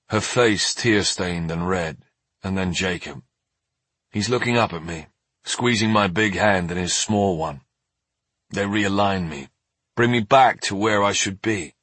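Husky-voiced male audiobook narrator. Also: lowish voice, a little slow, fairly bright tone, dry recording. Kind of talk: first-person scripted narration.

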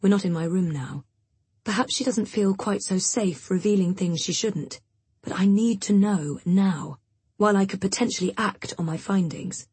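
A woman reading a first-person audiobook in a quiet, intimate way. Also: mid-range voice, normal speed, breathy edge, dry recording. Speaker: audiobook narrator.

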